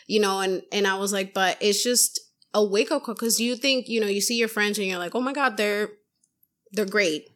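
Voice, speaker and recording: Young female podcaster, casual chat, animated storyteller who voices others' lines. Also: mid-range voice, moderate pace. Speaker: podcast host.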